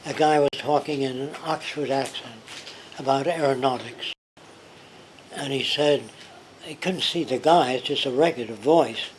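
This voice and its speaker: An older man with a somewhat high voice spins anecdotes in a relaxed conversation. He slips into the voices of the people he quotes. Faint pub chatter and room noise sit behind him. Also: low-quality recording. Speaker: interviewee. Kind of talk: casual storytelling conversation. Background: pub ambience.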